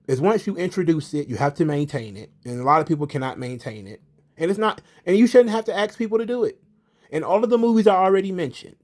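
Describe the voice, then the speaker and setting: A man with a fairly high voice hosts casual wrestling commentary. He's animated and profane, rambling along with plenty of fillers.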